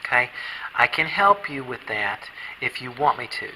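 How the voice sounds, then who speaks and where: A man working as a paranormal investigator, coaxing unseen spirits with gentle, pleading, repetitive talk inside a derelict island building. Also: mid-range voice, very animated, normal speed, a little hiss or hum, rough recording. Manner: gentle, pleading, repeats himself.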